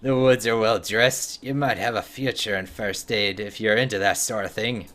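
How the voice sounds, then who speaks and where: A man's voice: on the low side, steady tone, normal speed, a bit bright, close to an everyday voice. A man voicing a blunt, hearty male dwarf quest-giver in a clumsy put-on accent, reading game dialogue aloud.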